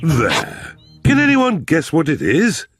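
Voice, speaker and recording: A man's voice: a little high, wildly swooping pitch, slow, gravelly, music in the background, exaggerated voice. An actor voicing a jolly, confident father pig in a cartoon, with a hearty, cheerful manner.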